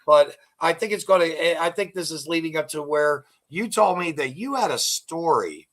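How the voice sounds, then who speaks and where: The host, a middle-aged man, keeps the interview casual, drifting into long jokes and rambling stories. He sounds a little high and expressive, speaking at a normal speed.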